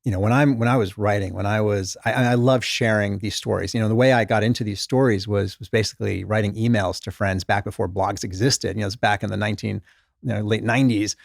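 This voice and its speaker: Middle-aged male guest, rapid gravelly delivery, dry close sound, lively storyteller. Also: lowish voice, no echo. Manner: animated, self-deprecating, lots of restarts and quoted inner thoughts. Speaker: guest author, former doctor. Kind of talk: casual interview storytelling.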